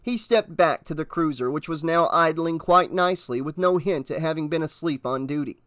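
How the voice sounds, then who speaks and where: A man narrating an audiobook in a steady, measured reading voice. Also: a little high, no echo, clean studio sound.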